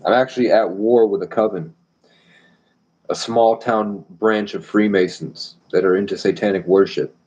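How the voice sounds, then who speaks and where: A man's voice: fairly low pitch, fairly even intonation, moderate pace, a little mellow, slightly rough, dull audio. A man rambling boastfully and provocatively on a live stream.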